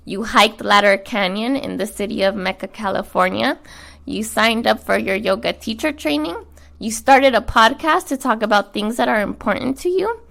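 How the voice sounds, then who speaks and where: A woman's voice: mid-range voice, vocal fry, fairly bright tone. A young adult American woman getting over a cold, reading a personal letter aloud and chatting frankly as podcast co-host. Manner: earnest, frank, swears casually.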